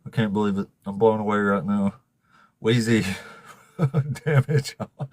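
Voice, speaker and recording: A man hosting a casual livestream, laughing and swearing as he thanks viewers, emotional and fighting back tears in a raspy voice. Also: fairly low pitch, unhurried, pauses often, darkish tone, dry recording. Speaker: livestream host.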